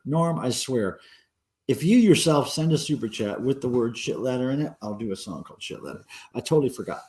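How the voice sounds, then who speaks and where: A man's voice: mid-range voice, expressive, a little fast, a little mellow. A man hosting a casual livestream, rambling and answering viewer comments with lots of ums and uhs. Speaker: livestream host.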